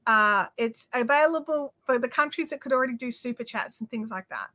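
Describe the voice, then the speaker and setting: A woman with an Australian accent hosts a craft livestream from home. Her voice sits high and bright, with plenty of crispness. She chats effusively to her viewers and reads out their comments, her talk full of fillers and restarts. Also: a little fast. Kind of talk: casual chat reading viewer comments.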